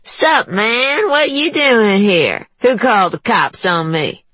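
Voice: medium pitch, expressive, slow pace, sharp tone, dry recording, pitched above the performer's own voice, heavily acted. A narrator voicing a brash, mocking, beery middle-aged woman in an audiobook, with a slangy, taunting manner. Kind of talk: audiobook character voice.

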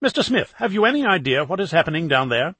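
A man reading an audiobook voices an eager television reporter firing off brisk, probing questions. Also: a little high, very animated, fairly bright tone, breathy edge, no echo, pitched above the performer's own voice, exaggerated voice. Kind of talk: audiobook character voice.

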